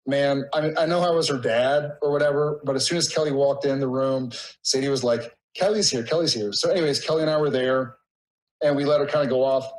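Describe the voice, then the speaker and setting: A man's voice: medium pitch, steady tone, a little fast, rough recording. A man in his thirties, a podcast guest, telling a rambling, emotional story in casual conversation.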